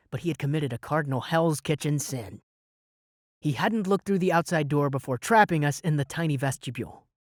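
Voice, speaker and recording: A young man narrating a fantasy audiobook in the first person with lively, dramatic delivery. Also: on the high side, no room sound, studio quality. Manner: lively, dramatic storytelling with shouted spells.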